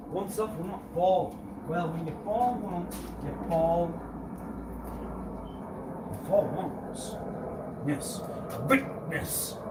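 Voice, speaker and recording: A man on a live stream rambling in a disjointed monologue, arguing back and forth with himself and repeating words, swinging from quiet mutters to loud exclamations. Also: high voice, slow pace, pauses often, heavy background noise. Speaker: livestreamer.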